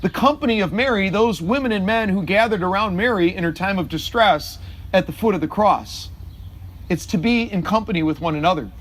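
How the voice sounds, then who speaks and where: Middle-aged priest, high voice, halting homily delivery with frequent fillers. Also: male voice, fairly bright tone. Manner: halting, many filler sounds.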